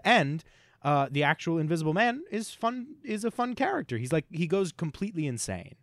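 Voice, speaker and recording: A man's voice: fairly high pitch, very animated, brisk, no room sound, clean studio sound. A man co-hosting a podcast, rambling and joking casually, swearing now and then. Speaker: podcast co-host.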